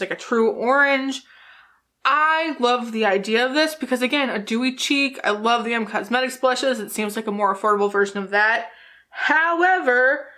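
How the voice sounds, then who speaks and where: A woman's voice: fairly high pitch, pushed and bright. A woman from New Jersey chatting through a makeup vlog while tipsy, rambling, giggling and swearing freely. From New Jersey, USA. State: tipsy from drinking. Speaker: makeup YouTuber. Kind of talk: casual vlog chat.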